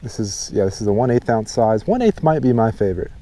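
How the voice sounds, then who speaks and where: A man hosting a fishing vlog, chatting casually outdoors by a mountain pond and getting excited over each catch. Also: lowish voice, quick pace. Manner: chatty, excited when hooking fish. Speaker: fishing channel host.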